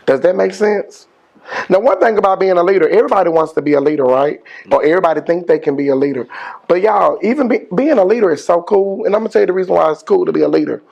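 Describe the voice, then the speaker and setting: A middle-aged man, a school principal giving an energetic motivational speech with call-and-response and slangy phrasing. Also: a little high, creaky, highs cut off. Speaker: high school principal, guest speaker.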